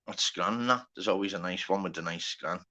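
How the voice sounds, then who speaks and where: A man's voice: low-pitched, a little fast, pushed and bright. A man with a Liverpool accent hosting a casual live stream, chatty and sweary, greeting viewers by name. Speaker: livestream host.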